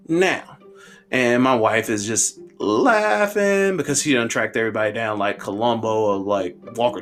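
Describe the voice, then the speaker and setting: A man in his thirties telling a funny personal story on a podcast, animated and conversational. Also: on the low side.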